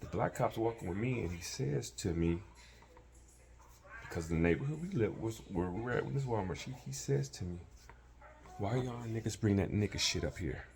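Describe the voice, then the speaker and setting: A man casually telling a personal story, animated and acting out the voices of people he quotes. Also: lowish voice, moderate pace, creaky.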